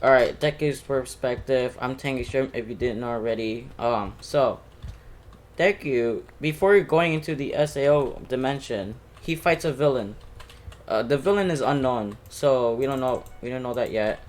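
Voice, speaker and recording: A man's voice: medium pitch, moderate pace, a little hiss or hum. A man hosting his channel, casually talking through a fan scenario with many hesitations. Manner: hesitant, filler-heavy. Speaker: channel host.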